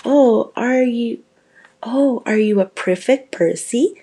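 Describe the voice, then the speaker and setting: A woman's voice: mid-range voice, animated, takes it slowly, warm tone, slightly rough. A woman reading aloud and voicing teasing teenage twin boys in a mock-surprised tone.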